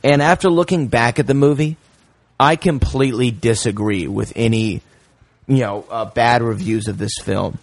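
A man leading a casual film podcast, retelling scenes with animated energy and frequent um and uh. His voice sits at a middle pitch. The sound is dry and close. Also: moderate pace, gravelly, dry recording. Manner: animated retelling, many fillers. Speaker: podcast host. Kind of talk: casual film review chat.

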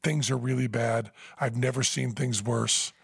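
A man telling a story in casual podcast chat, animated and breaking into high laughter. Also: unhurried, creaky, husky, no echo, clean studio sound. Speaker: podcast host. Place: Las Vegas.

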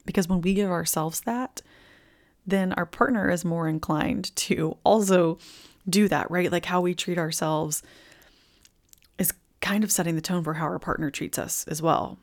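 A young woman hosts a live reading, talking casually and earnestly with lots of filler words. Her voice sits a little low and has a gravelly fry, and she turns tearful and drops into soft whispers. She is filming herself indoors on video. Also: moderate pace. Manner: warm, earnest, chatty with frequent likes and ums. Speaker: intuitive reader and podcast host.

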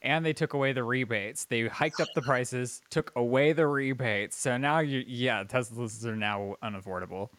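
A man co-hosting a podcast in casual chat, talkative and supportive, asking gentle questions. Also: medium pitch, normal speed, hardly any pauses, no room sound. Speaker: podcast co-host.

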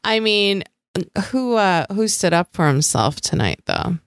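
Slow gravelly-voiced woman co-host. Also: mid-range voice, very animated, no echo, studio quality. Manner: blunt, swearing, sarcastic. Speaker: podcast co-host. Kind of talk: casual recap chat.

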